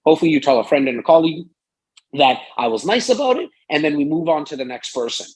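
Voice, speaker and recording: Husky, animated man full of fillers. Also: fairly high pitch, quick pace, low-quality recording. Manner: rambling, animated, many fillers. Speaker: real estate broker and sales strategist. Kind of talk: casual podcast interview. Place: Toronto, Canada.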